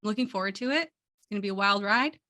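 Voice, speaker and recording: Bright, upbeat woman co-hosting a podcast. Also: medium pitch, fast talker. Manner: upbeat, chatty, laughs easily. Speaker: podcast producer and co-host. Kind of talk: casual podcast chat.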